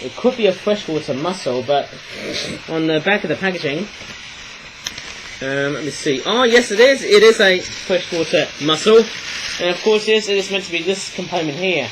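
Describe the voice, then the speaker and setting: A man's voice: high voice, lively intonation, moderate pace, background noise. A man casually reviewing toys, rambling and chatty, often tagging his sentences with "eh?". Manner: rambling, chatty, frequent "eh?" tags. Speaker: toy reviewer.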